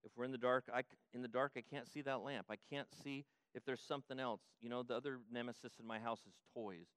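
A man's voice: mid-range voice, steady tone, fast talker, smooth, dry recording. Emphatic older male preacher, dry sound. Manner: emphatic, repetitive preaching that often restarts and rises to loud peaks. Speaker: pastor. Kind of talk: sermon.

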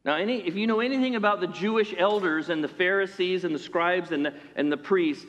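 Animated preacher in an echoing hall. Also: male voice, a little high, a little fast. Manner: animated, acts out voices of characters. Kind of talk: sermon. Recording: long hall reverb.

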